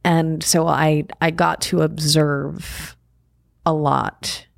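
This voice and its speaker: Guest, woman from Long Island, low and dry close voice, calm and reflective. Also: very slow, gravelly, no room sound. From Long Island, New York. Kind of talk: reflective casual conversation.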